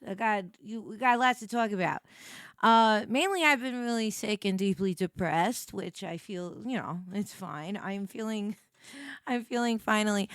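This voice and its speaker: A woman streamer chatting casually with her viewers, giggly and emotional, stammering through halting restarts. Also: medium pitch, a bit bright, dry recording, studio quality. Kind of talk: casual live-stream chat.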